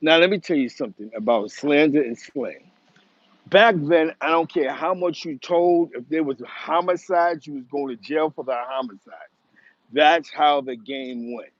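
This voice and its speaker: A man's voice: on the high side, moderate pace, no room sound, muffled recording. A man from the Bronx, hosting his show and giving a rambling, emphatic commentary with many restarts. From the Bronx, New York. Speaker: host. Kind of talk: casual commentary monologue.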